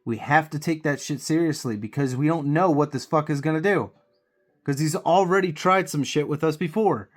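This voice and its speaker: A man's voice: fairly high pitch, moderate pace. A man with a cold, venting heatedly and profanely while he paints miniatures on his channel. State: congested with a cold.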